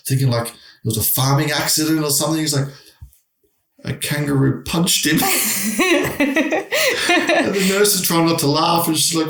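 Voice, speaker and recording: A man's voice: on the high side, animated, normal speed, long pauses, fairly bright tone, far from the mic. A middle-aged man, telling a long story in casual chat, with many restarts. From Australia. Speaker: guest. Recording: echoey room.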